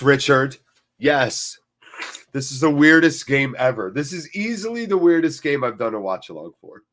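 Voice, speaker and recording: Excitable man hosting a football watchalong. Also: medium pitch. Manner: excitable, jokey, chatting with live viewers. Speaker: host of a live football watchalong. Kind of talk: live football watchalong commentary. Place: cold room attached to a house.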